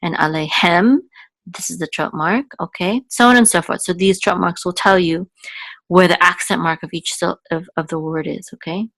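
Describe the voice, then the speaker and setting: A woman's voice: fairly low pitch, steady tone, moderate pace, vocal fry, fairly bright tone, no room sound. A woman teaching Biblical Hebrew, explaining patiently with many fillers and then singing the chant marks. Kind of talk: explaining and chanting Torah cantillation.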